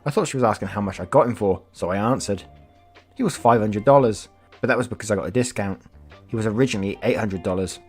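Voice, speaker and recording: A man's voice: on the low side, fast, darkish tone, slightly rough, faint music behind. A man reading online stories aloud as a YouTuber, casual, swearing, breaking off to react and comment. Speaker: storytelling YouTuber.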